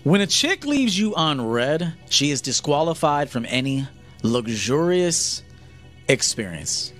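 A man's voice: on the high side, big pitch swings, slow pace, a bit bright, soft background music. A man giving a blunt, profane lecture to men as a dating coach on a livestream.

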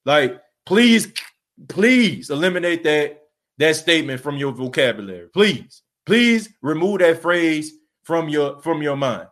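A man's voice: a little high, very animated, unhurried, fairly bright tone. Fired-up man ranting on a sports podcast. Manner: emphatic, repetitive rhetorical questions, casual slang. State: tired after an overnight shift. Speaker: podcast host.

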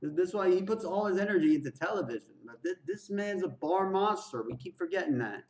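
Excitable man reacting to music. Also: high-pitched, fast, echoey room, distant mic, heavy background noise. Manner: excitable, repeats lines back, exclaims and laughs. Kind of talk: casual reaction commentary.

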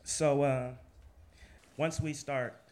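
A man tells his own story with a loose, animated energy, swearing casually and breaking into laughter. He slips into quick voices for the people he quotes. His pitch sits squarely in the middle range. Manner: acts out other people's lines in lively quoted voices. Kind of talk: live personal storytelling.

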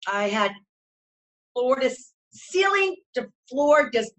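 A woman co-hosting a talk show, telling fan stories in a gushing, animated way. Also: high-pitched, takes it slowly, rough recording. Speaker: co-host. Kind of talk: casual chat.

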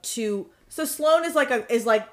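A woman's voice: on the high side, expressive, normal speed, a bit bright. A woman co-hosting a book podcast, chatting casually and emotionally about a novel. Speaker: podcast co-host.

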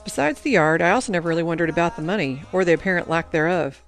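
A woman narrating a first-person story in a reflective, even-paced manner. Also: lowish voice, rapid-fire, faint music behind. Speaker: audiobook narrator.

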